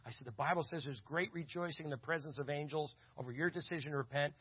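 A man telling a lively story in a sermon, acting out the voices of the people in it. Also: fairly high pitch, fast, slightly rough, no echo. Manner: animated, acts out quoted voices. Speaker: conference speaker. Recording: dull lo-fi audio.

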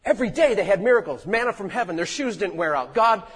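A man preaching a sermon in a church, lively and conversational, acting out the voices in his stories. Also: sits high, fast, husky, big-room sound. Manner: animated storytelling preacher, acts out quotes. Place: church sanctuary.

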